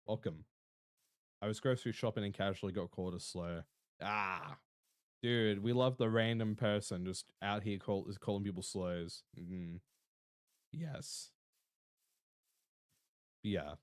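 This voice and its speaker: A young man with an Australian accent, chatting casually and rambling to his stream viewers, often swearing and talking fast. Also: lowish voice, fairly even intonation, smooth, dry recording, studio quality. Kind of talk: casual livestream chat to viewers.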